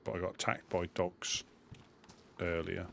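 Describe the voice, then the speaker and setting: A man's voice: low-pitched, steady tone, measured pace, gravelly, a bit bright, slight background noise. A man with a Suffolk accent chatting casually while streaming a game, muttering to himself as he sorts his gear. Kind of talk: casual live-stream commentary.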